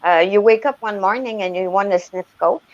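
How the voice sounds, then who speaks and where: A woman's voice: mid-range voice, fairly quick, no echo, muffled recording. A woman, calling in to a casual chat, hesitant and often searching for words. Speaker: caller.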